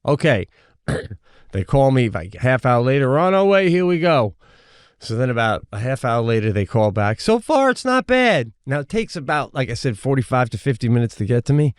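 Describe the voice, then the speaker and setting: A man co-hosting a comedy podcast, telling a long story in a lively way, jumping into high-pitched voices when he quotes others and swearing casually. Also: a little fast, smooth, dry recording, studio quality. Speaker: podcast co-host.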